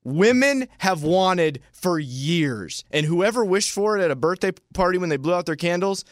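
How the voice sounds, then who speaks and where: A young man co-hosting a casual chat show, rambling playfully and building into loud hype. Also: high-pitched, lively intonation, moderate pace, no echo, clean studio sound. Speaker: co-host.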